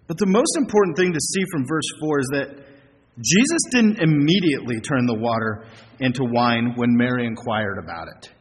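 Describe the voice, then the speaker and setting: Preaching man in an echoing hall. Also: medium pitch. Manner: earnest, preaching with rhetorical questions and slow emphasis. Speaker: pastor. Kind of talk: sermon. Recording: long hall reverb, faint noise.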